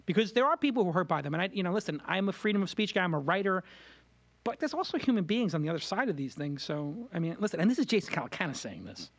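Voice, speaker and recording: A chatty man from Brooklyn hosts a podcast in a loose, rambling way, correcting himself as he goes. His voice sits high for a man. The sound is dry and close, with no room around it. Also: sing-song, fast talker, no room sound. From Brooklyn, New York. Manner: rambling, candid, self-correcting. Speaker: podcast host. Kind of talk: casual studio chat.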